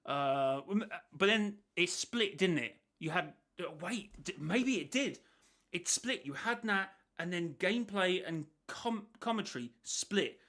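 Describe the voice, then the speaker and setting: A man's voice: high voice, lively intonation, a little slow, pushed and bright. A man hosting a casual reaction stream, rambling and second-guessing himself as he thinks aloud. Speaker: host reacting to a video.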